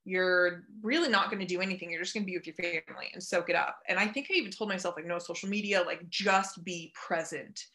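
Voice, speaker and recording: A woman's voice: on the low side, fairly even intonation, quick pace, few pauses, sharp tone. A woman, a health coach and personal trainer, telling her story in a casual, reflective interview with chatty fillers and restarts. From Kansas City area.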